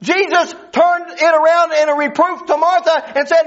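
A man's voice: very high-pitched, steady tone, normal speed, hardly any pauses, fairly bright tone. A man preaching a folksy sermon that rises into fervent appeals, with frequent restarts and small laughs. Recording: dull lo-fi recording.

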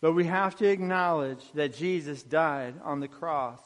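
A man preaching an earnest sermon, dropping soft on key phrases. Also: a little high, unhurried, in a large hall.

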